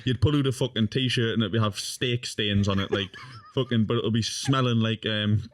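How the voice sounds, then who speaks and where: A man's voice: fairly low pitch, fairly even intonation, moderate pace, no echo. A young man telling a rowdy story in casual podcast chat, swearing constantly and laughing as he goes. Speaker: podcast guest.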